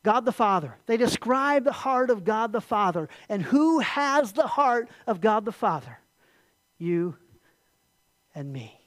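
Pastor preaching with soft, dropping endings. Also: medium pitch, big pitch swings, unhurried, no echo. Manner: emphatic, swings from loud declarations to soft near-whispered endings; repetitive, rhetorical questions. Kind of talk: sermon with closing prayer.

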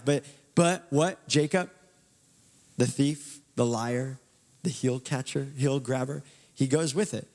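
A man preaches in a relaxed, conversational style. He speaks at a middling pitch with lively storytelling energy. His voice carries the long echo of a large hall. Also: slow, long pauses. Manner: animated, conversational retelling. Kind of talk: casual sermon storytelling.

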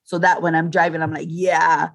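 A man, co-hosting a podcast in a rambling, halting way, often restarting his sentences. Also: fairly high pitch, fairly even intonation. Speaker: podcast co-host. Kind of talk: casual chat.

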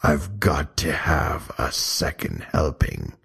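A man doing a slow, low, greedy wolf. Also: vocal fry, fairly bright tone, husky, heavily acted. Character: hungry sly big bad male wolf. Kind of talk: reading a comic poem aloud.

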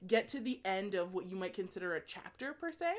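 A woman's voice: medium pitch, animated, a little fast. A woman in casual podcast chat, talking animatedly, laughing often and swearing as she raves about a book.

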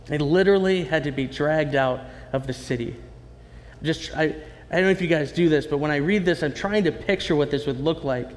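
Conversational preacher in a big echoing hall. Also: male voice, fairly high pitch, brisk. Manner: conversational, animated, with asides to the congregation. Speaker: pastor. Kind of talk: sermon.

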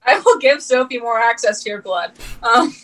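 A woman's voice: fairly high pitch, normal speed, fairly bright tone, poor audio. A woman co-hosting a podcast, chatting in a playful, teasing way. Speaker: podcast co-host. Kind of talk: casual chat.

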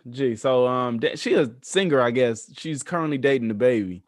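Chill young dude co-hosting a podcast, mid voice, dry close sound, talks things through. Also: male voice, mid-range voice, lively intonation, moderate pace, no echo. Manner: laid-back, reflective, explains at length. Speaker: podcast co-host. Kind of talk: casual chat.

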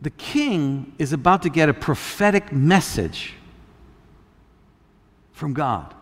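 A man preaching a sermon as a pastor, conversational with many restarts, building to loud emphatic peaks. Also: on the high side, expressive, slow pace, long reverb tail.

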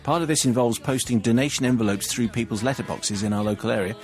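A man's voice: mid-range voice, fast, soft background music. A British man presenting a radio film show, reading listener emails in a dry, puzzled way.

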